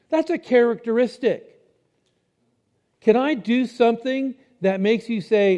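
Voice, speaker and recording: A man's voice: very high voice, unhurried, long pauses, dark tone, dull audio. A man preaching a sermon in a conversational way, explaining step by step and asking his listeners rhetorical questions.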